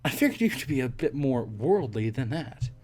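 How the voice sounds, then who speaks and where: A hoarse man voicing a playful young college woman with a Mexican Spanish accent, in a game read-through. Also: medium pitch, sing-song, moderate pace, darkish tone. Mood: teasing. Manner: teasing, playful.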